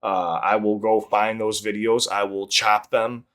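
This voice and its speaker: Low-voiced man rambling through a home story. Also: little pitch movement, measured pace, fairly bright tone. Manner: rambling, profane, lots of fillers and restarts. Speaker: YouTube content creator. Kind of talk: casual storytelling to camera. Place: home office.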